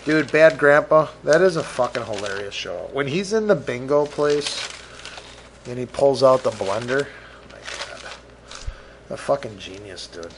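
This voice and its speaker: A man's voice: medium pitch, expressive, unhurried, background noise. A middle-aged man hosting a casual solo podcast, rambling, swearing freely and mocking himself. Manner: rambling, profane, self-mocking. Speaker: podcast host.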